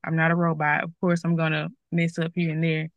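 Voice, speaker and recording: A woman's voice: low voice, completely flat delivery, a little fast, dry recording, dull audio. A young woman with a Southern American accent, a TV journalist guest, talking candidly and chattily about her career at a school event. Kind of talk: school career talk interview.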